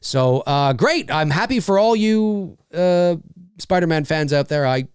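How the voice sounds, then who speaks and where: A man's voice: on the high side, expressive, unhurried, smooth, no echo, studio quality. A middle-aged man and voice actor hosting a casual livestream, rambling with lots of fillers as he reads viewer messages. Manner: rambling, many fillers and restarts.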